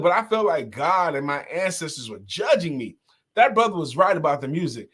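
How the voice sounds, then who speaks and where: A man hosting a relaxed online talk show, reading out viewer comments and reacting to them. He tells stories with energy, breaks into snatches of song and laughs easily, and his voice sits somewhat high for a man. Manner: animated storyteller, sings snatches of songs and laughs often. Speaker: host. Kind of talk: casual live-stream chat reading comments.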